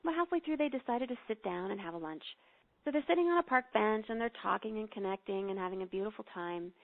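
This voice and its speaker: A woman guest telling a story and leading a guided meditation, earnest and gently instructive. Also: mid-range voice, lively intonation, quick pace. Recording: phone-line audio.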